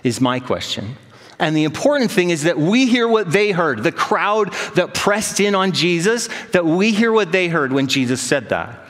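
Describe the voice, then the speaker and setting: A man in his thirties, a pastor, preaching a sermon with self-deprecating stories and animated quoted voices. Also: on the high side, moderate pace. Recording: long hall reverb.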